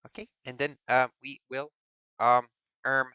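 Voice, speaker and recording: A man's voice: medium pitch, level tone, unhurried, sharp tone, smooth, no echo, muffled recording. A man hosting a stream in casual, rambling chat, musing aloud in a playful way. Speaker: streamer host.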